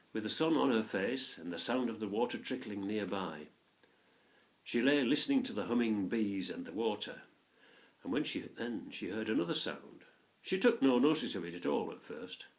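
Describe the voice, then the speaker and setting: Reading a children's story aloud, a male narrator uses a fairly low voice and a moderate pace, telling it expressively.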